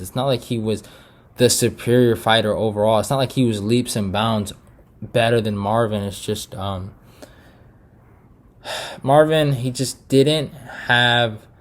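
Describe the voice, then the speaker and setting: A young man from Eritrea hosting a casual fight recap, frustrated and animated, swearing often and restarting his sentences with lots of fillers. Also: medium pitch. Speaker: MMA prediction channel host.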